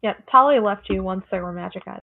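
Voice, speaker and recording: A woman's voice: mid-range voice, fast talker, vocal fry, slight background noise. A woman playing a tabletop game, teasing the others in casual chat. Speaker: player. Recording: tinny phone-like call audio.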